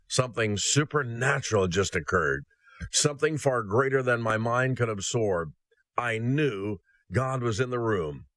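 A man preaching a sermon, telling a story aloud in an earnest, slow and solemn way. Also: mid-range voice, fairly bright tone, no room sound. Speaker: ministry host.

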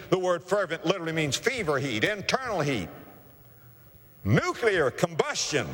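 A man's voice: a little high, fairly bright tone. A man preaching an evangelistic sermon with passion, telling a story and acting out its characters. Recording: long hall reverb.

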